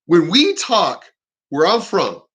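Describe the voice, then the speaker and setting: Bright-voiced blunt ranting man. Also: sits high, slow pace, husky. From US East Coast. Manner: animated, blunt and cursing. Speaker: vlogger. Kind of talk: casual profane rant.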